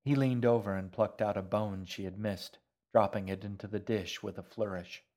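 A man with a fairly low voice reads a novel aloud. His storytelling is measured and even, with a steady, deliberate pace. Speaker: narrator. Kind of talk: audiobook narration.

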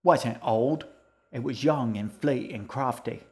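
A man's voice: mid-range voice, takes it slowly. A man voicing a sullen, secretive young boy in an audiobook reading, answering tersely.

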